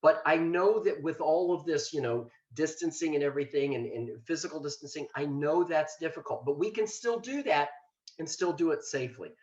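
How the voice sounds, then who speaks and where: A man's voice: on the high side, lively intonation, fairly quick, a little mellow. An older man from Ohio, a retired state trooper, giving a plainspoken, earnest talk on self-care with self-deprecating asides. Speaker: mental health liaison, former state trooper. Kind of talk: webinar presentation. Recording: roomy, dull lo-fi sound.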